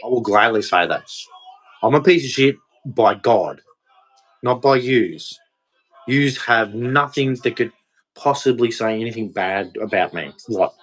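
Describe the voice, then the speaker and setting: A man's voice: medium pitch, expressive, a little slow, fairly bright tone, slightly rough, soft background music, low-quality recording. Blunt, profane Australian man ranting. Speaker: vlogger. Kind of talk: ranting monologue to camera.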